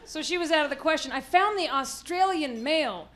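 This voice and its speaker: High-voiced American woman doing stand-up. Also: expressive, normal speed, fairly bright tone. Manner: storytelling, acting out bits in mocking voices. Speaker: stand-up comedian. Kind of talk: stand-up comedy set. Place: comedy club stage. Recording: live club recording, audience laughter.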